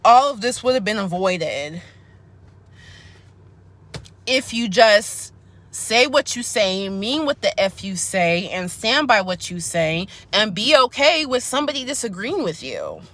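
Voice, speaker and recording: A woman's voice: mid-range voice, big pitch swings, a little slow, a bit bright. A woman giving a sassy, emphatic opinion vlog from her car, full of slang and talking straight to viewers. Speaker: YouTuber giving commentary.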